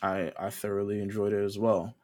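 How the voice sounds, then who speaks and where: A man co-hosting a podcast, chatting casually in a relaxed, slangy way. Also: fairly low pitch, a little fast. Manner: relaxed, loose with fillers and slang. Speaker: podcast co-host. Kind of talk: casual chat.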